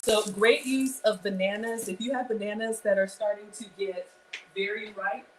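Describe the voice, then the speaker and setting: A woman's voice: mid-range voice, steady tone, normal speed, slight background noise, rough recording. A woman in her forties from Ghana, hosting a casual live cooking stream from her home kitchen, chatting with viewers and poking fun at herself. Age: 40s. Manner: chatty and self-deprecating, greets viewers and reads their comments. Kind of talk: casual livestream cooking chat.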